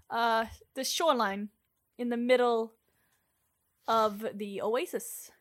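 Lady gm narrating a tabletop game, kinda high voice, rambly, lots of uhs. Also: fairly even intonation, slow pace, pauses often. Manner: chatty, loose, searching for words with fillers. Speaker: game master.

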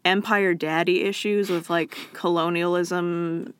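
A woman's voice: on the low side, fairly even intonation, a little slow, smooth, dry recording. Playful woman co-host, dry sound. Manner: playful, jokey, trailing asides. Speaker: podcast co-host. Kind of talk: casual chat.

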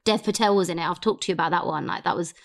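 A woman, telling a story in an animated, expressive way and swearing freely in casual chat. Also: lowish voice, racing, creaky.

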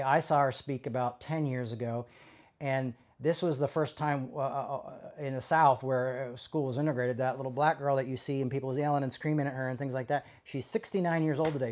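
A man's voice: mid-range voice, a little mellow. A man giving a conversational sermon as a pastor, speaking with passion and often restarting and stumbling over his words.

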